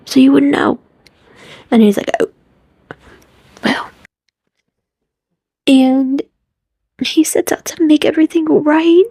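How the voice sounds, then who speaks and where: Young woman vlogger, slow and husky, a gushing movie recap with lots of whispered asides. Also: fairly high pitch, mellow, dry recording. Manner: gushing, often drops into whispers, acts out quotes.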